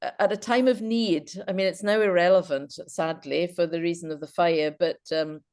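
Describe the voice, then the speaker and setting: A woman's voice: on the low side, fairly even intonation, normal speed, darkish tone, clear, resonant tone. A woman, speaking as a guest over a video call, telling chatty stories full of false starts. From Britain, half Welsh half Scottish. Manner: chatty anecdotal storyteller with frequent false starts. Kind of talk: informal Q&A chat.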